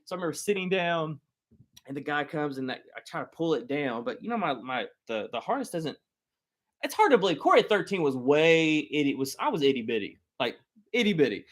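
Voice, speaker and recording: A man with a somewhat high voice tells a comic story about himself to a live audience. He is animated and pokes fun at himself. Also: brisk. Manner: animated, self-mocking, acts out loud quoted lines. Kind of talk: comedic personal storytelling.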